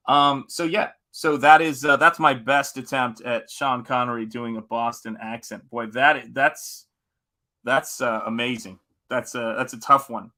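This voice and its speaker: While painting on a casual livestream, a comic painter rambles enthusiastically and responds to his chat. He speaks at a moderate pace in a mid-range voice with fairly even intonation and a sharp tone.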